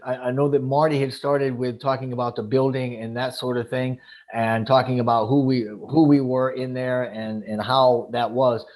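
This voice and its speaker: Man, guest speaker, mid-pitched voice, excited, restarts and searches for words. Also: normal speed. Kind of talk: enthusiastic casual talk.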